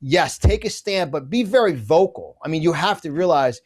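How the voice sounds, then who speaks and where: A man's voice: a little high, expressive, a little mellow. Fiery middle-aged man ranting. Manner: emphatic ranting, rapid asides and restarts. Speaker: guest, conservative business publisher. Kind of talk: fiery political interview talk.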